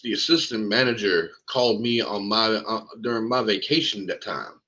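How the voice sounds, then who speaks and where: A man's voice: lowish voice, normal speed. A man co-hosting a casual chat, telling a workplace story with plenty of swearing. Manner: animated, profane storytelling. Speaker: podcast co-host.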